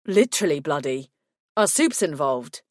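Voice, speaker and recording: A woman voicing a smooth, caring male vampire in an audiobook, speaking with a soft purr. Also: deep voice, very animated, moderate pace, no echo, studio quality, voice pushed down. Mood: tender. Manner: purring, soft.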